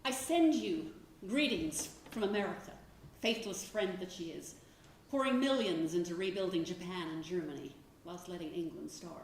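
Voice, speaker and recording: A woman's voice: lowish voice, normal speed, lightly acted. An actress on a stage playing a witty woman writer who reads out her wry, teasing letters. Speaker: stage actor. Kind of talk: stage play reading letters aloud. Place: theatre stage. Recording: roomy theatre, from far off, faint noise.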